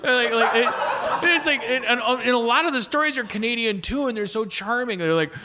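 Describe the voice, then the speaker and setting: A man's voice: extremely high pitch, a little fast, bright, forceful tone. A man hosting a comedy podcast, rambling on stage with restarts, profanity and frequent laughter. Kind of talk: rambling comic monologue. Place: live stage.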